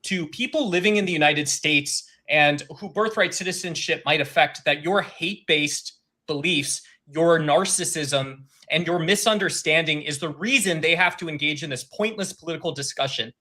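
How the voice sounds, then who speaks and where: Bright-voiced man grilling a debater. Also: a little high. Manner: halting, filler-heavy, accusatory. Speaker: caller asking a debater a question. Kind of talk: argumentative live stream call-in.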